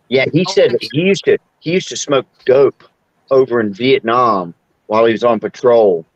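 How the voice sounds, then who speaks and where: A man's voice: medium pitch, measured pace, pauses often, highs cut off. A man in his sixties, hosting a casual chat and telling rambling stories with frequent laughs. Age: 60s. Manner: rambling storyteller, laughs often. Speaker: podcast host.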